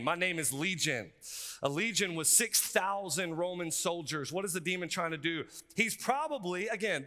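A male pastor, preaching a sermon in an energetic, conversational way with frequent asides. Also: sits high. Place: seminary chapel. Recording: reverberant hall.

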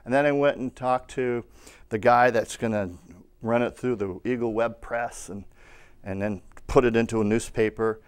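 A man preaching a sermon, telling a personal story and rising to loud calls of amen. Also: mid-range voice, steady tone, normal speed, clean tone. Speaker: pastor.

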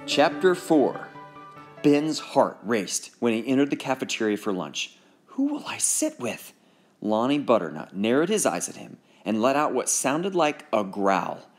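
A man reading a children's book aloud in an expressive, animated narration. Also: medium pitch, measured pace, faint music behind. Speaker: audiobook narrator.

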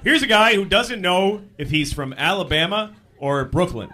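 A man performing a stand-up comedy routine, telling exasperated stories and bursting into shouted acted-out lines. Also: high voice, animated, moderate pace. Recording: live club with laughing crowd.

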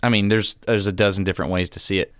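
A man's voice: fairly low pitch, steady tone, quick pace, no room sound. A man co-hosting a podcast who talks in an earnest casual chat full of hesitant restarts, into a close microphone. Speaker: podcast co-host.

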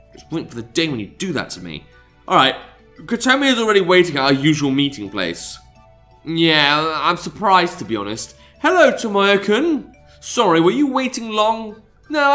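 A man's voice: high voice, pushed and bright. A man hosting a visual novel let's play, reading lines aloud and joking between them with frequent laughs. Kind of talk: casual let's play commentary with read-aloud voices. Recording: game music behind the voice.

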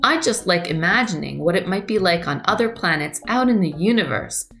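A dreamy, imaginative young girl in a children's story, as a woman reads her part. Her low, slightly gravelly voice stays soft and wistful, with faint music underneath. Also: lively intonation, a little fast.

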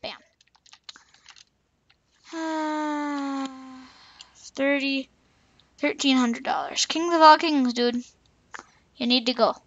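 Bright high-voiced young woman gaming. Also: steady tone, slow pace, long pauses, lo-fi sound. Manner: playful, chatty, repeats taunts at other players. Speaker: gaming channel host. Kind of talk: casual gameplay commentary.

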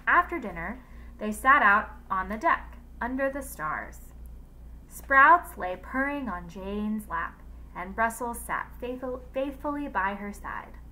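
Bright-voiced woman teacher reading aloud. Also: on the high side, lively intonation, slow, rough recording. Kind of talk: read-aloud storytelling.

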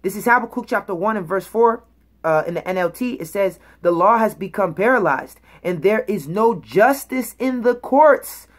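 Her medium-pitched voice is animated and moves at a moderate pace as she gives emphatic Bible teaching in a preaching style. After each point she asks listeners "okay?" or "all right?", reading scripture aloud and explaining its words.

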